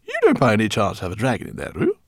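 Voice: medium pitch, wildly swooping pitch, rapid-fire, no echo, studio quality. A reader voicing a fussy, plump female rat pilot who grumbles and exclaims in a flustered way, as an audiobook character voice. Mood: wary.

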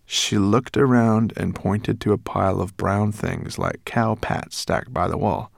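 A man narrating a children's storybook, expressive and voicing each character. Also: fairly low pitch, unhurried, vocal fry, hardly any pauses, no room sound, clean studio sound. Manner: expressive, shifts voices for characters. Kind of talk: audiobook narration.

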